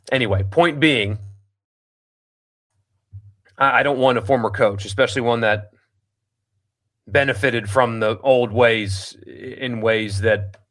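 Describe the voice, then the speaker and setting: A man's voice: mid-range voice, steady tone, slow, pauses often, a bit bright. A man hosting a sports talk show, reading listener comments aloud and answering them bluntly, with a lot of ums and restarts. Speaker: sports radio host.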